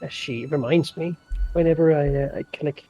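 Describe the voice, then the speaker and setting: A man talking through his moves in a relaxed way while playing a co-op strategy game. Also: on the high side, normal speed, breathy edge, highs cut off. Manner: relaxed, thinking aloud with small restarts. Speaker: co-op game player. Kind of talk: casual gameplay chat.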